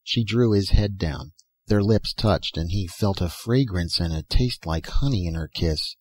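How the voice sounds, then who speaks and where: A man narrates a story aloud in a measured, steady manner, his voice lowish and a little husky. The recording is dry and close, with no room sound. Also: no room sound. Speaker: audiobook narrator. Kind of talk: scripted narration.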